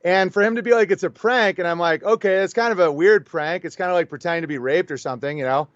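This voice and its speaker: A man's voice: high voice, fast talker, dry recording, lo-fi sound. A man talking as a guest on a show, telling a story animatedly and acting out both sides of the conversation. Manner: animated, storytelling with quoted back-and-forth. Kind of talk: casual conversational interview.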